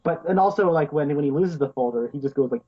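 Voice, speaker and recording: A podcast co-host with a fairly high voice talks quickly and casually about a film, full of enthusiasm. He laughs a lot and leans on "um" and "like," and the recording sounds lo-fi.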